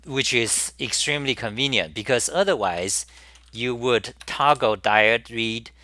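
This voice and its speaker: A man hosting a live software demo, thinking aloud with halting restarts and repeated words as he works. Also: mid-range voice, no echo. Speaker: programming tutorial host.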